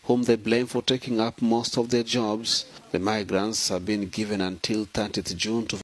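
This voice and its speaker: A man reading a scripted news report in a measured, formal way. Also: on the low side, little pitch movement.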